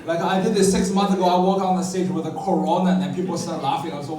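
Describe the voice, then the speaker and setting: A man doing a stand-up comedy set, telling a story in a lively, animated way and jumping high in pitch when he quotes himself. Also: quick pace. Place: comedy club stage. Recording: echoey club, far-off mic, crowd laughing. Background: audience laughter.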